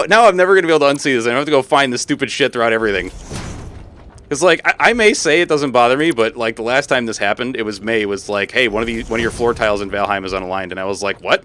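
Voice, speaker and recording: A man streaming a factory-building game, chatting with viewers in an animated way and breaking into exasperated, swearing outbursts. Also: medium pitch, fast, slight background noise. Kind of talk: live gameplay commentary.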